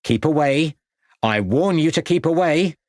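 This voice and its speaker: A man's voice: lowish voice, lively intonation, a little slow, dry recording, studio quality. A man voicing a cruel woman villain who sneers and taunts. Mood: threatening.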